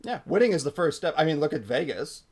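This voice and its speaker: A man's voice: a little high, quick pace, slightly rough. A man co-hosting a podcast, talking casually and with strong opinions, using lots of fillers. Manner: opinionated, animated, frequent fillers. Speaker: podcast co-host. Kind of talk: casual hockey chat.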